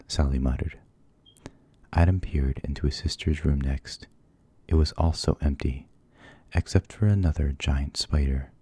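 Style: soft-spoken ASMR reading. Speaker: a man with a very deep, husky voice. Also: no echo. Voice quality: soft, hushed, partly whispered. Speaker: ASMR storybook reader.

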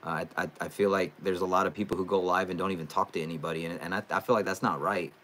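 There's slight background noise as a young Californian sports fan streamer rattles off comments in rapid-fire fashion with a low voice. His relaxed, chatty delivery jumps into loud excitement at times.

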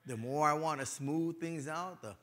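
A middle-aged male pastor giving a sermon in a casual, conversational way, with his volume swinging from loud to hushed. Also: fairly high pitch, normal speed. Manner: casual, conversational, peppered with "you know".

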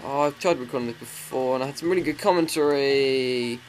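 A man's voice: mid-range voice, fairly quick, soft background music. A man giving crude, sarcastic commentary while playing a video game. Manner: crude, sweary, sarcastic ranting. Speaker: let's play commentator.

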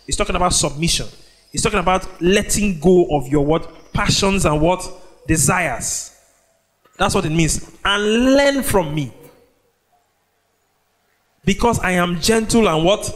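Animated preacher man. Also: fairly high pitch. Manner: call-and-response preaching, asks the congregation to fill in words; animated, draws out scripture phrases slowly. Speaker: pastor. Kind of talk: sermon. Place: church.

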